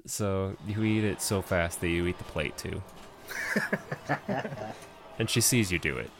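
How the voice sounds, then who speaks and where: A man running a tabletop role-playing game, narrating scenes in a relaxed, descriptive way with many fillers. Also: low-pitched, unhurried, noisy background. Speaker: game master.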